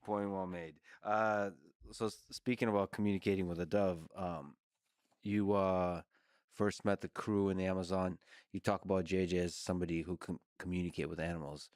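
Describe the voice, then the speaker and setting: A man with a low voice hosts a conversational interview. He asks curious questions and drops playful jokes between them. The sound is dry and close to the mic. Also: steady tone, normal speed, darkish tone, clean tone, no room sound. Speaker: interview host.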